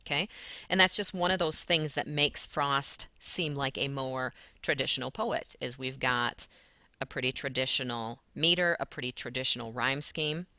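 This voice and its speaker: A woman's voice: extremely low pitch, moderate pace, bright, forceful tone, dry recording. A woman teacher patiently walking students through a poem step by step in a recorded lesson. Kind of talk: recorded lesson explaining poetry.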